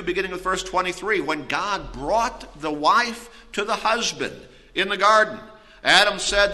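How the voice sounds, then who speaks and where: Guy preaching a sermon, high and really bright voice, goes quiet then loud telling stories, long hall echo. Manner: storytelling with wide swings in loudness.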